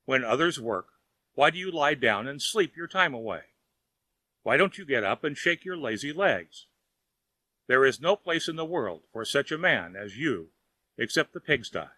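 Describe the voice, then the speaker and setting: A man voicing a wise male fairy who scolds and teases gently, in a children's audiobook. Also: medium pitch, very animated, normal speed, no room sound. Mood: chiding. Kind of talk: audiobook character voice.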